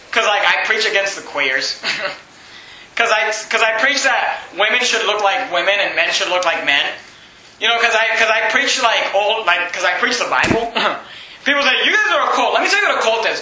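A man preaching a sermon in an animated, mocking way, often laughing as he talks. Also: high-pitched, echoey room, a little hiss or hum, rough recording.

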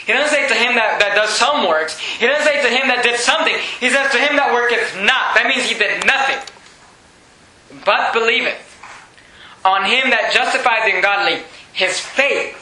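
High, bright-voiced preacher man. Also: echoey room, low-quality recording. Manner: preaching with a wide swing from raised to low, drawn-out scripture reading. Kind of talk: sermon.

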